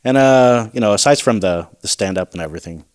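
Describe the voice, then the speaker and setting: A man's voice: on the low side, lively intonation, quick pace, darkish tone, clear, resonant tone. A man hosting an interview, asking eager questions full of fillers and restarts. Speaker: interview host. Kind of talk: casual interview chat.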